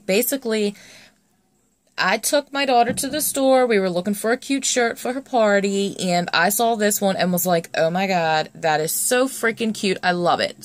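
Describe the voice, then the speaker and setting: Young woman, chatty nail tutorial vlogger, excitable, dry close sound. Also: medium pitch, dry recording. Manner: chatty and excitable, many fillers. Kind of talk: casual tutorial chat.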